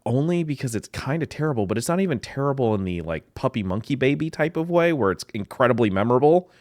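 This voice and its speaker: A man in the role of a marketing professor delivers ad reaction commentary, bluntly picking apart a commercial with clear exasperation. His voice swings widely in pitch as he talks. The sound is close and dry, with almost no room echo. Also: big pitch swings, quick pace, darkish tone. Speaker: marketing professor reviewing ads.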